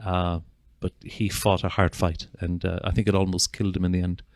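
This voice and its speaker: A man with an Irish accent speaks earnestly and from the heart, addressing an audience in an informal talk. His voice sits fairly low, and he often restarts his phrases. The sound is close and dry, with no room echo. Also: level tone, brisk. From Ireland. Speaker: gestalt psychotherapist giving a talk.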